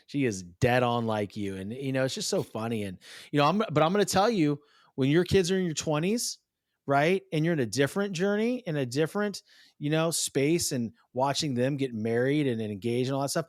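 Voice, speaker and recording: A man's voice: mid-range voice, a little fast, no room sound, clean studio sound. A man in his thirties hosting a podcast, chatting casually and acting out quotes as he tells stories. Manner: animated storyteller, acts out quotes. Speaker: podcast host. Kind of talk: casual interview chat.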